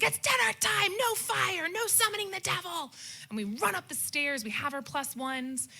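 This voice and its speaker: A young adult woman telling a comic personal story about a family holiday, animated and shouting out her relatives' quoted lines. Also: a little high.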